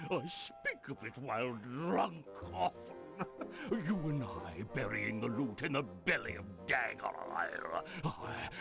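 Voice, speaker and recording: A gravelly old pirate, Black Spot Pete. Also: male voice, lowish voice, exaggerated voice. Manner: salty pirate slang, trading insults. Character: gruff old male pirate barkeep, boastful and insulting. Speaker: game character. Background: game music.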